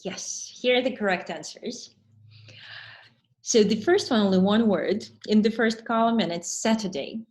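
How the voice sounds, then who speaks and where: A woman teacher trainer giving an online webinar lesson, explaining patiently and pausing to read answers from the chat. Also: mid-range voice, darkish tone.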